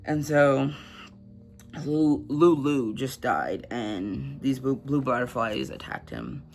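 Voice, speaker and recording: A man's voice: mid-range voice, slow, vocal fry, slight background noise. A man casually recapping a novel for a book vlog, reading passages aloud and chatting with lots of fillers. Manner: chatty, filler-heavy, laughs at grim scenes. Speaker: book vlogger.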